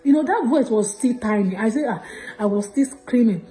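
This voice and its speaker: A woman with a Nigerian accent giving an emotional church testimony, telling her story in an animated, breathless way. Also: on the high side, moderate pace, faint music behind, poor audio.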